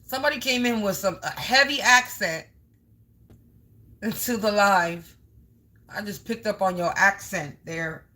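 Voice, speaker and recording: A woman's voice: medium pitch, measured pace, long pauses, pushed and bright, rough recording. A woman giving a live spiritual card reading to viewers. She talks emphatically, stacks up strings of synonyms and swears casually.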